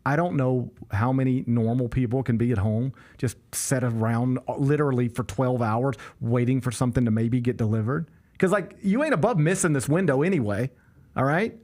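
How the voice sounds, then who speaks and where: A man's voice: medium pitch, fairly quick. A man hosting a show, telling an exasperated story in casual chat and acting out the people in it. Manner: animated, exasperated, acts out the people in his stories. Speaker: show host.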